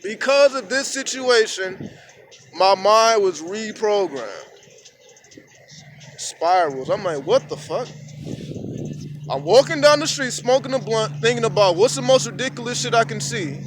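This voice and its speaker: Man, high-pitched, casual profane vlog monologue, phone at arm's length, outdoors, faint street noise. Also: unhurried. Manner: profane, rambling, animated storytelling. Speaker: vlogger. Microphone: phone camera at arm's length.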